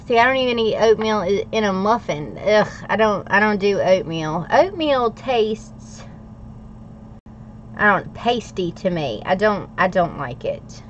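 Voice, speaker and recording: A middle-aged woman, chatting casually on a livestream, playful and quick to laugh as she answers viewer comments. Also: medium pitch, expressive, slight background noise. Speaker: livestream host. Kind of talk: casual livestream chat while journaling. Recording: slightly dull lo-fi audio.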